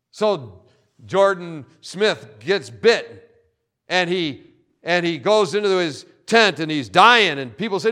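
A man preaching a sermon, telling stories in an animated way, often repeating words. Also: high-pitched, takes it slowly. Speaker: pastor.

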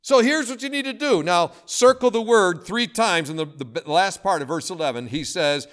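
A man's voice: high voice, expressive, normal speed, hardly any pauses, a bit bright. A man preaching a sermon, reading scripture and pleading with his listeners in impassioned bursts. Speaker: pastor.

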